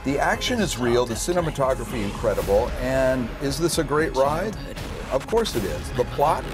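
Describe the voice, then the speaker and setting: A man's voice: medium pitch, big pitch swings, moderate pace, over music. A man reviewing films on a panel with jokey, punchy quips. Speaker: film critic. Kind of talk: panel film review chat.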